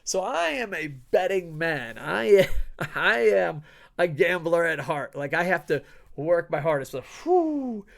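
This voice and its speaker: A young man hosts a combat sports news show and reacts to headlines in loose commentary. He swears freely, rants with a lot of energy and breaks into laughs. His voice sits a little high for a man. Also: big pitch swings, slow pace, creaky. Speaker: wrestling news host. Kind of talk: casual commentary reading headlines.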